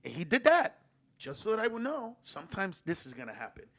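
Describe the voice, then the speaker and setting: Animated, slightly high-voiced storytelling man. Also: fairly quick. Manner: animated, profane, mixes in Spanish words. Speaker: podcast host. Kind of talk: casual storytelling chat.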